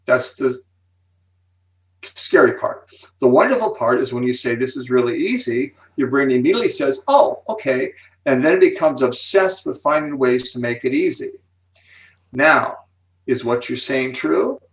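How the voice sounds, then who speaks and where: Gravelly older man explaining with enthusiasm. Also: mid-range voice, moderate pace, distant mic, poor audio. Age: 70s. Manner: animated, builds suspense with "ready? here we go". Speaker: psychology speaker and author, interview guest.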